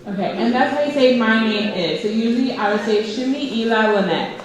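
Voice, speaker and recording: A teenage girl presenting to an audience at a school event, teaching phrases slowly so people can repeat after her. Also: on the high side, crowd noise. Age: teens. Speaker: student presenter. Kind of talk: classroom presentation. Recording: echoey hall.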